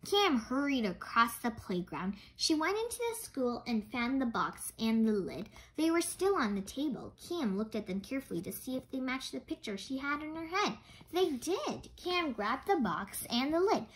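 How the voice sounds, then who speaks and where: Woman reading a kids book aloud, animated, fairly high, fixes her own slips. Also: normal speed, husky, low-quality recording. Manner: animated, with small slips and self-corrections. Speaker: storybook reader.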